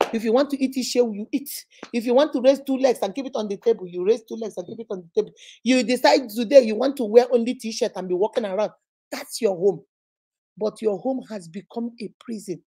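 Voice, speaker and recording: A woman's voice: on the high side, warm tone, husky. A woman with a Nigerian accent hosting a relationship advice livestream, speaking emphatically and preaching directly to her viewers.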